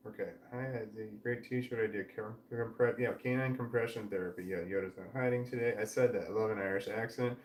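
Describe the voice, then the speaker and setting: A man in his forties hosts a livestream from home, reading viewer comments and chatting in a meandering way, trailing off mid-sentence and swearing casually. His voice is fairly low with a steady tone, and he talks fairly quickly with hardly any pauses. The roomy, distant mic picks up faint background noise.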